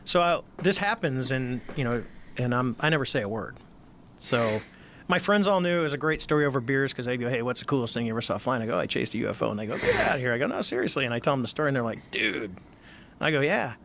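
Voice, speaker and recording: A man's voice: mid-range voice, fast, a little hiss or hum. A middle-aged man, a former Navy squadron commander, telling his story as an interview guest and acting out the dialogue. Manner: animated storyteller, acts out quoted dialogue.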